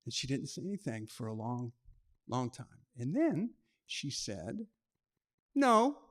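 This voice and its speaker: A man's voice: medium pitch, big pitch swings, unhurried, a little mellow. A man telling a personal story on stage in short, punchy lines, acting out the dialogue.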